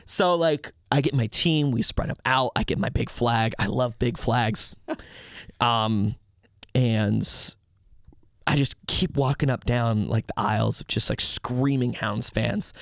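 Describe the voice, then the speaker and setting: Excitable young man telling stories, dry sound. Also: mid-range voice, unhurried, creaky, no room sound. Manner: excitable storyteller, acts out crowd hype in loud bursts. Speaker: podcast guest, arena host. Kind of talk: casual podcast chat.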